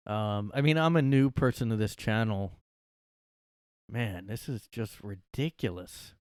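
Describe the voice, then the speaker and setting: A man's voice: lowish voice, unhurried, darkish tone, clear, resonant tone, no echo, studio quality. A young man hosting a casual solo podcast, rambling and using many fillers. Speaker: podcast host.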